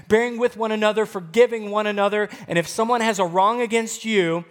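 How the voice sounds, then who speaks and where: A male pastor preaching a sermon, expressive and swinging between loud and hushed. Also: high-pitched, fairly quick, few pauses.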